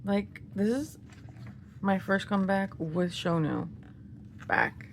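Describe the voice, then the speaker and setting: Giggly excitable woman with a gravelly voice. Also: mid-range voice, slow pace, long pauses, a little hiss or hum. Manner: excitable, gushing, giggly, often half-whispered. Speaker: vlogger unboxing albums. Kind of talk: casual unboxing chat.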